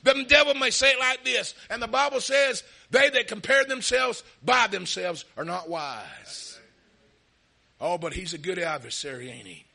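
Male preacher, gravelly and very bright, fervent shouting sermon delivery. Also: sits high, lively intonation, moderate pace. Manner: impassioned, often shouting; calls out hallelujah and amen.

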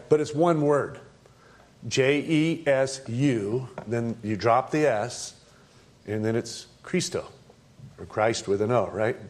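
A middle-aged male pastor delivering a sermon in a voice of middling pitch. He preaches with emphasis, leaping higher and louder to drive points home, then falling to low, quiet asides.

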